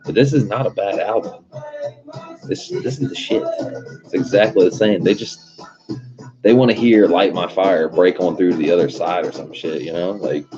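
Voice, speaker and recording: A man's voice: deep voice, normal speed. A young man hosting a livestream, telling stories in a casual, profane, laid-back way. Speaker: livestream host. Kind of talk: casual rambling chat. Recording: dull lo-fi stream audio with music behind.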